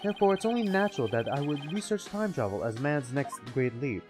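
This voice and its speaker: A woman's voice: low-pitched, sing-song, a little fast. A woman voicing a grandiose, nerdy male inventor who lectures in a lofty tone, reading game dialogue aloud on a livestream. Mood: lecturing. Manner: self-described nerd voice, lecturing. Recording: game music playing behind.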